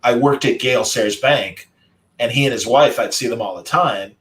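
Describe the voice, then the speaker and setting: On a rough recording, a man with a mid-range voice hosts a relaxed group conversation at a moderate pace. He tells a story as a warm recollection, bringing an ex-radio broadcaster's delivery to it.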